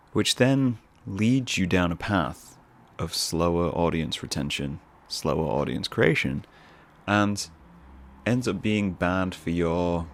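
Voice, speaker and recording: A man hosting his own podcast, talking casually on his own in a rambling, musing way with self-mocking asides. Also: sits low. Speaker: podcast host. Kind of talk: casual solo podcast monologue.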